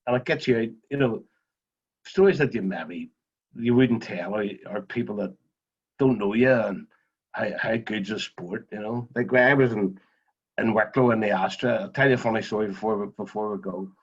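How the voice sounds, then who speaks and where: A man with a Northern Irish accent, the guest driver in a casual video call interview, chats freely and enjoys telling funny stories. His voice is lowish and husky, his pace moderate, and the audio sounds dull.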